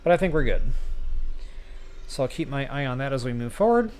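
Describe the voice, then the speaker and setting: A man talking to his viewers in a relaxed, chatty way while he plays a game live. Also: mid-range voice, brisk. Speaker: game streamer. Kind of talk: live gameplay commentary.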